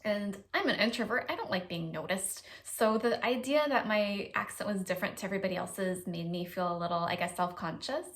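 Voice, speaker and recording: A woman's voice: mid-range voice, brisk, hardly any pauses. A woman with an American accent, chatting casually to camera in a vlog, talkative and self-deprecating with lots of hedges. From United States. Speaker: vlogger.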